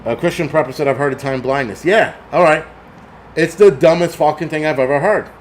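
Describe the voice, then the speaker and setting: A middle-aged man hosting a live stream, ranting angrily with heavy swearing, reading chat, swinging between shouting and muttering. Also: a little high, a little fast, slight background noise. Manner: angry, swearing, reads chat. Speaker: livestream host. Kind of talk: profane live-stream rant.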